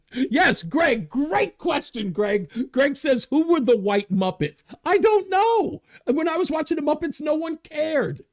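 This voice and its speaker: A male talk show host with a high, lively voice that swings widely in pitch. He rants with growing energy, laughs at himself and reads out viewer comments between his points. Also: slow pace. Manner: animated, gets worked up and laughs at himself.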